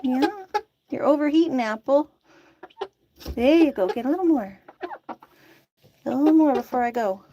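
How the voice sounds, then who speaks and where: A woman's voice: high voice, moderate pace, pauses often, highs cut off, background noise. A woman chatting casually and coaxing her chickens to drink by their coop outdoors, laughing often. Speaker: chicken keeper vlogger.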